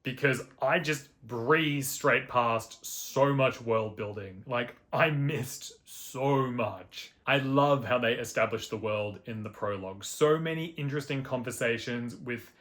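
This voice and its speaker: A man's voice: medium pitch, measured pace, hardly any pauses, fairly bright tone. A man talking through his thoughts on a video game, reflective and enthusiastic, with casual asides. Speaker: gaming video host. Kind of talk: casual game review monologue.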